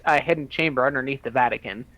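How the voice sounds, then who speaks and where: Male, even-tempered explainer, casual chat, dry close sound. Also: medium pitch, quick pace, no echo, poor audio.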